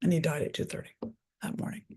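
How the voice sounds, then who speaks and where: Quick-paced and a little mellow, a middle-aged woman speaks candidly about her life, swearing frequently. She appears as a guest author and recovery advocate, blunt and open throughout.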